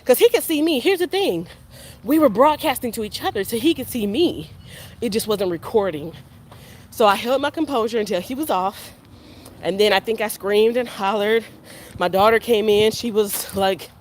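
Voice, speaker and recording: A woman's voice: mid-range voice, moderate pace, a little hiss or hum. A woman talking casually to her vlog camera while walking around her neighborhood, rambling and repeating herself as she candidly criticizes herself. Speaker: vlogger. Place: outdoors on a neighborhood walk.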